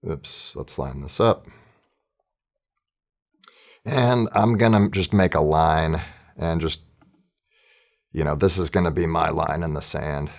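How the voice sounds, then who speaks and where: A man's voice: rumbling low, slow, gravelly, pauses often. A man teaching orchestra planning in a casual, chatty screen-recorded tutorial, thinking aloud as he works.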